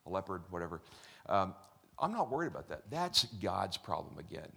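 A man's voice: low-pitched, big pitch swings, normal speed, creaky, a bit bright, breathy edge. A middle-aged man preaching a chatty, joking sermon as pastor, with many restarts.

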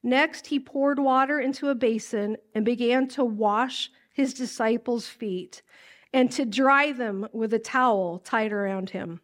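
Woman pastor, high voice, casual sermon, animated acted-out quotes. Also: unhurried. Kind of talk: sermon teaching from scripture.

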